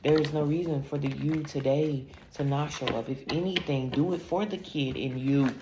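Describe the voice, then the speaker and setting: Woman tarot reader, gravelly and blunt, profane, in an echoey room with steady noise behind her. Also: extremely low pitch. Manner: blunt, profane, emphatic storytelling. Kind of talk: casual spiritual reading monologue.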